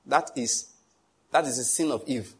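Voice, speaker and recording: A man preaching a sermon in an animated, joking way, with pleading asides to the congregation. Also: mid-range voice, normal speed, husky.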